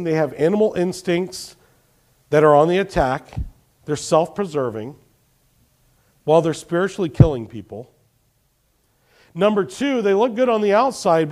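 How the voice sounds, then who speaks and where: A man preaching a sermon, telling Bible stories with animation and questioning his congregation. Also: high voice. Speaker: pastor.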